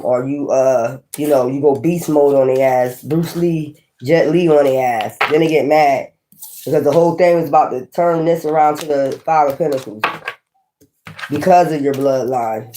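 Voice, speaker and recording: A woman giving a casual tarot reading to viewers, cursing freely, animated and laughing often. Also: deep voice, moderate pace, background noise. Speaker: tarot reader.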